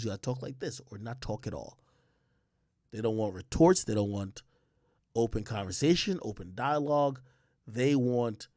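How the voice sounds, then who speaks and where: A man's voice: medium pitch, a little mellow, dry recording. Guy ranting on his stream, slangy and emphatic, kinda rambly, dry close sound. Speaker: streamer and commentator. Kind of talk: casual opinion rant.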